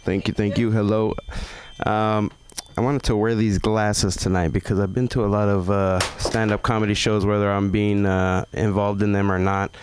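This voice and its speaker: A man's voice: lowish voice, flat delivery, moderate pace, a little hiss or hum. A man doing a stand-up set, loose and profane, telling a story about a comedy show and acting out the people in it. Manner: profane, loose, acts out other voices.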